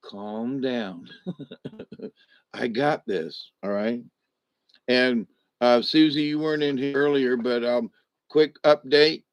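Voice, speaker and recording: A man's voice: medium pitch, slow pace, long pauses, no echo. A man recovering at home, lying in a rest position and a little wired on steroids, giving a casual, rambling, upbeat video update full of restarts. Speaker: vlogger. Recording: dull, lo-fi, dry sound.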